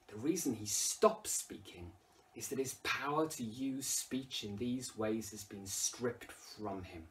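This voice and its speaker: An unhurried man with a mid-range voice, sitting far from the mic, teaches English literature by walking through a play. His English accent carries expressive commentary that rises sharply in volume as he performs quoted lines.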